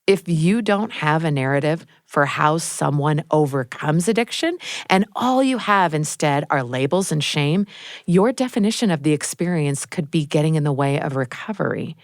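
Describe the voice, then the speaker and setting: A woman radio host narrating between interview clips in a measured, explanatory way. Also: sits low, lively intonation, dry recording, clean studio sound.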